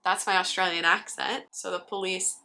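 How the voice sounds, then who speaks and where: Brief: young woman vlogger, bright forceful voice, playful roast-style commentary. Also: medium pitch, fairly even intonation, normal speed. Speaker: book vlogger. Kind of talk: casual comedic commentary.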